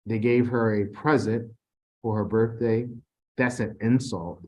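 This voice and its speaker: A man leads an informal tutoring session, reading out multiple-choice questions. His voice sits on the low side, and he stumbles, restarts and corrects himself as he goes. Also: fairly even intonation, a little mellow, lo-fi sound. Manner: informal, halting, reads quiz questions aloud with restarts. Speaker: TESOL instructor.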